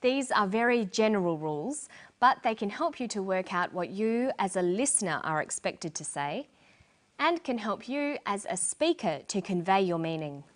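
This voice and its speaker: A middle-aged woman presenting an English lesson in scripted narration, explaining clearly and deliberately. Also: medium pitch, very animated.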